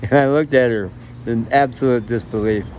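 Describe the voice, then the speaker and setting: A man's voice: medium pitch, moderate pace, a little mellow, slight background noise. An older man with a cold, rambling and chuckling as he talks to the camera outdoors near a city park. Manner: rambling, chuckling often, self-deprecating. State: has a cold, coughing. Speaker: travel vlogger. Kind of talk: casual self-filmed monologue.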